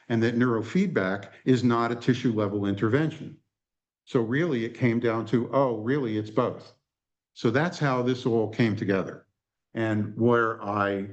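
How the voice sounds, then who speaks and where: A man presenting at a conference workshop, telling an anecdote in an animated way and acting out the dialogue. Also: medium pitch, lo-fi sound.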